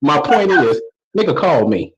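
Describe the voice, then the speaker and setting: A man's voice: a little high, very animated, normal speed, dull audio, heavy background noise. A man in his forties doing a stand-up routine over a video call, telling a story in a loose, conversational way full of slang. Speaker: stand-up comedian.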